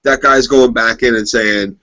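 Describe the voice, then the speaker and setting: Second co-host, eager fan who adds asides, slightly muffled sound. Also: male voice, medium pitch, steady tone, unhurried, pushed and bright, no echo. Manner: enthusiastic, drops in book knowledge and asides. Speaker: podcast co-host. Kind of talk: casual TV episode recap chat.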